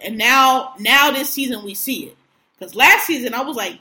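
A woman co-hosting a casual show chat, animated, slangy and profane, often breaking into laughs. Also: on the high side, moderate pace. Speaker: podcast co-host. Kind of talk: casual chat recapping TV shows.

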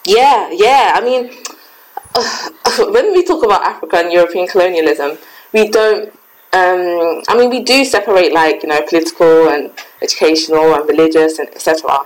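A young woman with a fairly low voice talks in a relaxed, reflective way. Her speech is loose and conversational, full of "like" and "um" as she works through her thoughts. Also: normal speed, rough recording. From Ghana heritage, raised in England. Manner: reflective, frequent "like" and "um" fillers. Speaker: podcast co-host. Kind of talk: casual chat.

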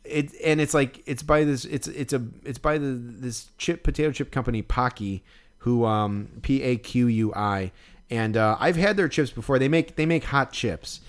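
A man's voice: mid-range voice, moderate pace. A man telling a long story in casual chat, rambling and swearing freely as he goes.

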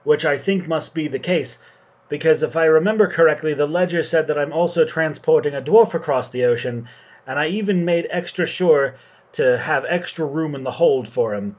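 A man voicing a foppish, pompous male ship captain with a high, affected voice. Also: moderate pace, highs cut off, lightly acted. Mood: genteel.

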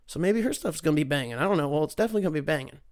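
A young man talks through a loose solo show. He rambles, swears freely and leans on sarcasm, and his voice sits a little higher than most men's. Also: expressive, rapid-fire, dry recording, clean studio sound. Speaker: podcast host. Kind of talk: casual solo commentary.

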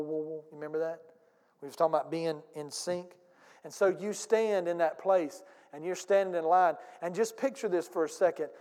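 High-voiced man preaching in a reverberant church. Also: a little mellow. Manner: emphatic preaching with audience call-and-response and acted-out anecdotes. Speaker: pastor. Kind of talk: sermon. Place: church sanctuary.

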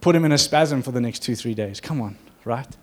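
A man's voice: mid-range voice, brisk. A man preaching a sermon to his church in an earnest, conversational way, acting out quotes as he goes. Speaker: pastor.

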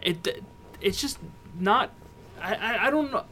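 A man with a high voice co-hosting a casual sports podcast. His pitch swings widely as he makes his points. He talks emphatically and backs up his partner. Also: expressive, takes it slowly, bright, forceful tone, slight background noise. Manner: emphatic, agreeing, laughs often. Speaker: podcast co-host.

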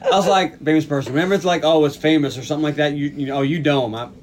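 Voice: mid-range voice, fairly even intonation, rapid-fire, slight background noise. A podcast co-host chatting casually about a film, making blunt, sweary, wry asides. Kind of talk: casual movie chat.

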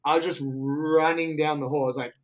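An excitable Australian man telling a story in casual, slangy talk. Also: on the high side, a little fast, slight background noise.

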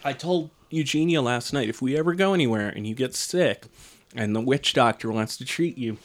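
A man's voice: medium pitch, moderate pace. A man co-hosting a casual podcast chat about a movie, talking in a wry, rambling way. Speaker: podcast co-host.

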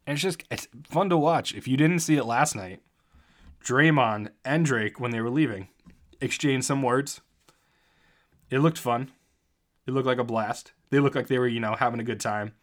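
A man's voice: medium pitch, moderate pace, long pauses, fairly bright tone. A young man hosting a solo sports podcast, talking in a jokey, rambling and self-mocking way. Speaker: podcast host.

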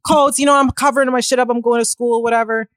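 A young woman, a musician being interviewed, telling a personal story in a quick, animated, casual way with plenty of swearing. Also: fairly high pitch, dry recording, studio quality. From Caribbean family. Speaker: musician guest.

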